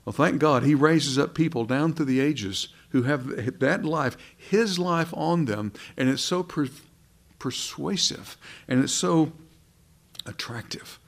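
A man preaching a sermon with passion, his voice swelling and then falling to near a hush. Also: fairly high pitch, unhurried. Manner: impassioned, rising and dropping to soft.

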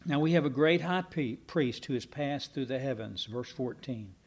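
A man preaching a Sunday night sermon, teaching emphatically with slow, deliberate stresses and occasional fillers. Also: mid-range voice, expressive, slight background noise. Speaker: pastor.

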